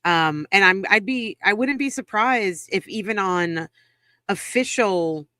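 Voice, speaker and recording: A woman from Massachusetts, co-hosting a podcast and talking casually. Her bright voice sounds dry and close. She comes across heated and indignant and drops swear words for emphasis. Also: medium pitch, lively intonation, measured pace, dry recording. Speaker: podcast co-host. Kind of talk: casual chat.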